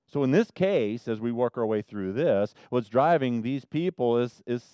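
A man preaching a sermon as pastor, swinging from loud emphasis to quiet asides. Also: mid-range voice, animated, normal speed, clean tone, no room sound, studio quality.

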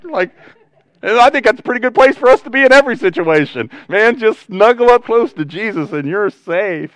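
A man preaches a sermon in a smooth, resonant voice, recorded close and dry. He talks conversationally, then swings up loud and animated before dropping to a hushed, low register. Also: a little fast, no echo. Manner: conversational, animated preaching with sudden loud rises and quiet drops. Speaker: pastor.

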